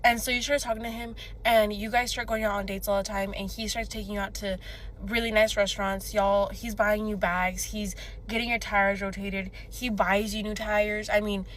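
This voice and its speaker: A woman's voice: medium pitch, level tone, normal speed, a bit bright. Chatty woman with faint background noise. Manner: chatty, conversational. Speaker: storyteller. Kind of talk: put-a-finger-down storytime.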